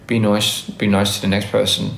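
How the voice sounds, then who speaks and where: A man's voice: on the low side, monotone, normal speed, creaky, fairly bright tone, slight background noise. A man chatting loosely on a phone livestream, rambling and restarting often. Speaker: livestream host. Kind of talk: casual livestream chat. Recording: roomy echo.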